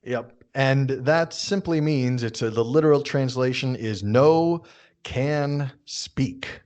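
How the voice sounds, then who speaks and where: A man's voice: medium pitch, a little mellow. American-sounding man teaching phrases casually. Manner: explains patiently, repeats phrases slowly. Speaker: podcast co-host. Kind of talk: casual chat.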